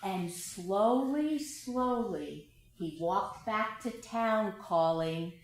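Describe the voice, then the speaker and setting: A woman, a school director, reading a children's picture book aloud in a playful, expressive way, asking the listeners questions. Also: mid-range voice, very slow. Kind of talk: children's storybook read-aloud. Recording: very echoey room.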